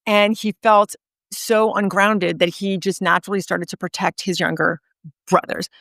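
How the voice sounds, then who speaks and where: A woman guest in a podcast interview, telling a story earnestly with emphatic pauses. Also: medium pitch, little pitch movement, gravelly, a bit bright, dry recording, clean studio sound. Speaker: guest author and speaker.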